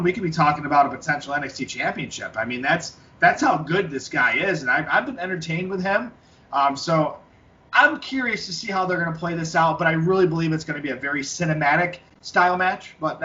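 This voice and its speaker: A man's voice: a little high, sharp tone. A man co-hosting a wrestling podcast, chatting casually and rambling with many restarts and fillers. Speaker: podcast co-host. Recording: lo-fi, distant from the mic.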